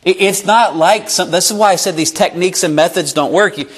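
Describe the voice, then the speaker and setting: A man's voice: sits high, a little fast, breathy edge. A man preaching a sermon in an earnest, conversational way, sometimes acting out short exchanges.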